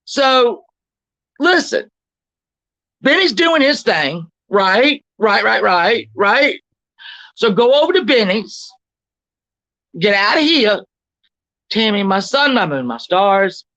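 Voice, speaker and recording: A combative woman livestreamer tears into her critics with profanity and mockery, reading chat comments aloud and snapping back at each one. Her voice sits at a middling pitch and sounds dry and close. The recording is dull and slightly lo-fi. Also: very animated, takes it slowly, long pauses, a bit bright, no echo. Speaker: livestream host. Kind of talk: confrontational livestream rant.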